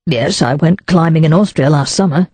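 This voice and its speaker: A woman's voice: deep voice, moderate pace, dark tone, slightly rough, no echo. A woman narrator voicing a despairing young nobleman who speaks dully. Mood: subdued. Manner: dull, subdued.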